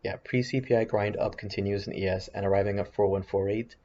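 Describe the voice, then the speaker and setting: A man's voice: fairly low pitch, steady tone, a little fast, warm tone, lo-fi sound. A tired, yawning man rambling and thinking aloud over his trading charts in casual commentary, often putting himself down. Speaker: options trading vlogger. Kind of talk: casual screen-share commentary.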